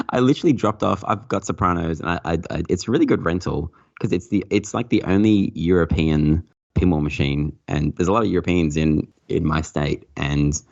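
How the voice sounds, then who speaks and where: A man's voice: deep voice, animated, moderate pace, gravelly, darkish tone, dry recording, dull audio. A man guesting on a casual podcast, rambling and swearing freely, laughing often. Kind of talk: casual chat.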